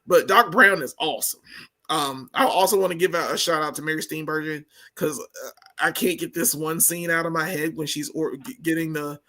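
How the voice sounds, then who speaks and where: A man co-hosting a casual movie review podcast, talking excitably and repeating himself to make a point. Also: on the high side, normal speed. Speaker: podcast co-host.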